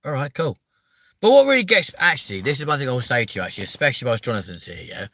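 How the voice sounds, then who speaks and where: A man's voice: mid-range voice, very animated, very fast, a bit bright, no room sound. A man with a southern English accent hosting a live stream, chatting casually, swearing a lot and sounding hyper as he reads out viewer comments. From southern England.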